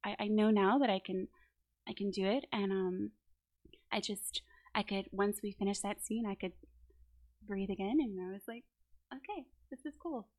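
A woman's voice: medium pitch, normal speed, pauses often. A woman guest on an interview podcast, telling a story in a casual way, laughing often and acting out what people said. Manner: animated storyteller, acts out quotes, laughs often. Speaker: actor guest. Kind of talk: casual anecdote. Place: New Orleans.

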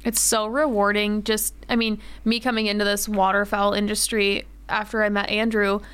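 A woman's voice: mid-range voice, little pitch movement, normal speed, fairly bright tone, clear, resonant tone. A woman guest on a studio podcast, talking with enthusiasm. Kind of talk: casual chat.

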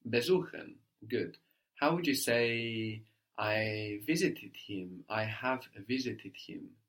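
A man teaching a language lesson, patiently prompting his student and repeating each answer slowly. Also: on the low side, fairly bright tone.

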